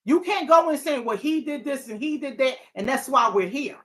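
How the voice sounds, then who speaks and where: A middle-aged woman hosting a talk show, speaking casually and animatedly to her audience, preachy and quick to digress. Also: sits high, a bit bright. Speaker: talk show host and therapist.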